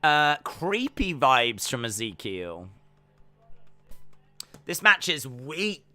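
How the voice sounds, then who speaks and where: A man's voice: medium pitch, big pitch swings, extremely slow, pushed and bright, dry recording, soft background music. A man hosting a wrestling watch-along stream, chatting and musing aloud as he reacts. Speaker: stream host.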